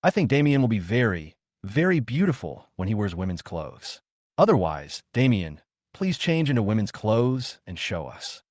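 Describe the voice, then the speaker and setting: Guy doing a nosy young classmate, eager and prying, lively low voice. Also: moderate pace, no echo, studio quality.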